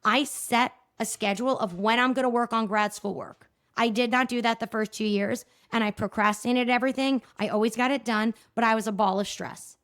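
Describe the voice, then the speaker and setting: A woman's voice: a little high, steady tone, a little fast, few pauses, a bit bright. A woman in her thirties hosting a solo podcast, chatty and self-deprecating, often checking in with "okay?". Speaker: podcast host. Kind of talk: casual solo podcast talk.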